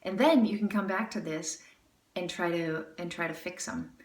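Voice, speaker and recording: A woman's voice: on the low side, normal speed. A woman teaching jazz singing, chatty and encouraging, breaking into scat syllables to demonstrate. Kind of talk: music lesson critique. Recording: roomy, a bit far from mic, with music.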